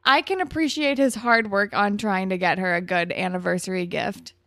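A woman co-hosting a podcast and retelling a TV episode in a rambling, filler-heavy way, acting out the characters' lines in high voices. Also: fairly even intonation, moderate pace, pushed and bright, no room sound, clean studio sound. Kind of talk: casual TV episode recap.

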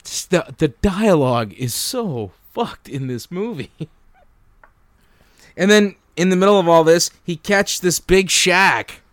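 A man chatting casually about a movie with friends, rambling with restarts and quick laughs. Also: high voice, animated, fairly bright tone, no room sound. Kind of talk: casual movie review chat.

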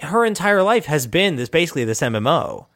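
A man playing a tabletop game, chatting casually about his character, animated and swearing freely. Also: on the high side, brisk. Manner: animated, profane, laughs often. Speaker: player.

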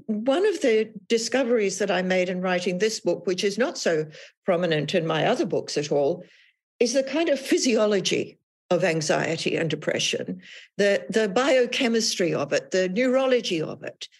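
A woman author as an interview guest, talking thoughtfully about her experiences in a measured, reflective way. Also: medium pitch, lively intonation, husky. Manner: thoughtful, measured, with frequent restarts. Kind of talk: reflective podcast conversation.

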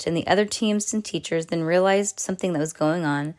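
A woman's voice: lowish voice, fairly quick, darkish tone. Woman reading a children's story aloud. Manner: reads with small slips and restarts, casual asides.

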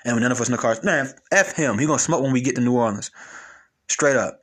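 A young man giving a blunt, animated casual monologue on relationships, full of slang and repeated phrases. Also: mid-range voice, fast, slightly rough. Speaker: commentator.

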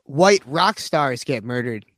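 A man's voice: medium pitch, lively intonation, slow pace, fairly bright tone, no room sound. Joking young male radio host, dry studio. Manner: joking, rambling, self-deprecating. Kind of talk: casual radio banter.

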